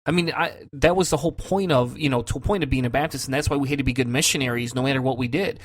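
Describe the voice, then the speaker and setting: A man on a casual podcast telling a long personal story. His voice sits at a middle pitch, and his delivery is loose and conversational. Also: rapid-fire. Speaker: podcast co-host. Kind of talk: casual chat.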